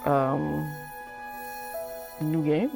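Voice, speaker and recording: A woman's voice: low voice, steady tone, drawn-out words, creaky, music in the background. A woman hosting a let's play, giving rambling, jokey commentary as she plays. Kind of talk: casual game commentary.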